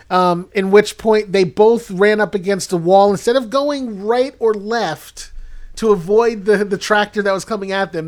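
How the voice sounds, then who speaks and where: A man co-hosting a comedy podcast, casually retelling a movie plot in a rambling way and laughing as he goes. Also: high voice. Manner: rambling, laughs through his own storytelling. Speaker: podcast co-host.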